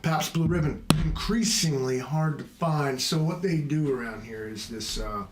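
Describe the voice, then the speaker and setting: A man's voice: on the high side, a little slow, roomy sound, a little hiss or hum. A man hosting a casual livestream, rambling from topic to topic in a jokey, self-mocking way. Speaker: livestream host.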